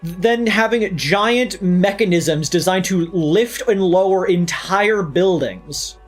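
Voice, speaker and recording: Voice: mid-range voice, slow, faint music behind. A VTuber streamer chatting casually during a game stream, rambling and poking fun at themselves. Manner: rambling, joking, self-mocking.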